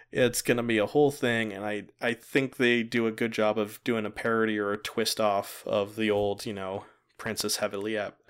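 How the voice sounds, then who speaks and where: A man's voice: on the low side, clear, resonant tone. A man chatting casually as a podcast host, recapping a show and laughing often as he goes. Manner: chatty, laughs often, acts out quoted lines. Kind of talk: casual chat.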